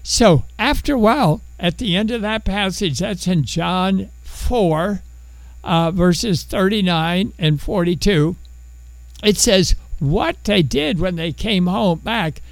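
A man preaching with a high, swooping voice that turns gravelly in places. He tells Bible stories conversationally, acting out each character. The sound is close and dry. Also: slow pace, no echo, low-quality recording. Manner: animated storytelling, acts out biblical characters. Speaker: pastor. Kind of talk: sermon.

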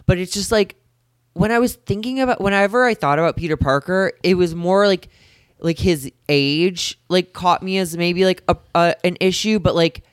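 A man co-hosting a podcast, talking candidly and haltingly, leaning on "like" as he tells a personal story. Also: sits high, steady tone, smooth, dry recording, clean studio sound. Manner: halting, heavy on filler "like", self-deprecating.

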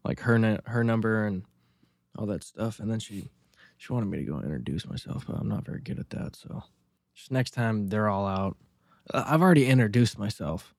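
A man's voice: lowish voice, lively intonation, brisk, darkish tone, dry recording, clean studio sound. A man co-hosting a casual podcast, telling rambling stories full of restarts and swearing. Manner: rambling, profane, storytelling with many restarts. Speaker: podcast co-host.

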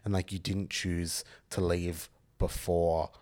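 A man, co-hosting a podcast in relaxed, agreeable chat full of fillers. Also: deep voice, slow pace. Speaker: podcast co-host. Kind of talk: casual chat.

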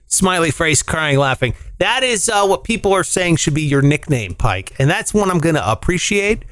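A man co-hosts a casual podcast, reading listener comments aloud. His voice sits slightly high, and the sound is dry and close with no room. He is animated and jokey, swearing freely and jumping up in pitch when he argues a point. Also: normal speed, few pauses, no room sound. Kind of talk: casual chat.

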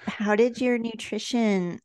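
A woman's voice: on the high side, slow pace, darkish tone, dry recording. A woman co-hosting a podcast, asking the guest easygoing, rambling questions. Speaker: podcast co-host. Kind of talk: interview questions.

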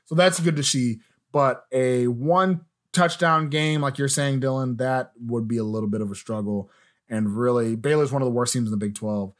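A young adult man hosting a casual sports podcast, chatty and opinionated, often letting his sentences trail off low. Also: normal speed. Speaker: podcast host.

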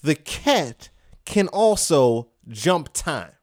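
A man hosting a casual podcast who excitedly retells a comic book, laughing often. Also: a little high, extremely slow. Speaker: podcast host. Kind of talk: casual chat.

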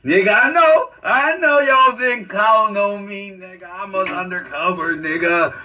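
A man doing rowdy, shouting banter. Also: sits high, a little slow, far from the mic.

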